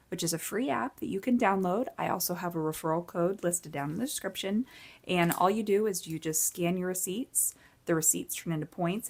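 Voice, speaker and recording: A woman in her forties chatting casually and upbeat while she counts cash into budget envelopes, tired from little sleep. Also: on the low side. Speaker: budgeting vlogger.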